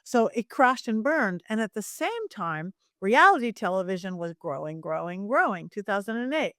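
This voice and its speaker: A woman's voice: mid-range voice, moderate pace, no room sound, clean studio sound. A middle-aged woman, a psychic medium guest, telling stories animatedly and acting out the voices in them. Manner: animated, acts out voices in her anecdotes. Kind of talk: lively storytelling interview.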